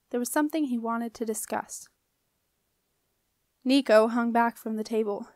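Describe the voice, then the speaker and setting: A woman reading a children's fantasy novel aloud, with steady, expressive storytelling. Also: fairly high pitch, no room sound, studio quality. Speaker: audiobook reader. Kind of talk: audiobook narration.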